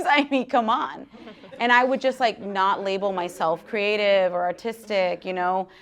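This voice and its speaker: A woman in her thirties talking candidly to an audience at a book talk, animated, laughing often and dropping to hushed asides. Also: medium pitch, a little slow. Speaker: guest author speaking at a book talk. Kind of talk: casual live talk to an audience.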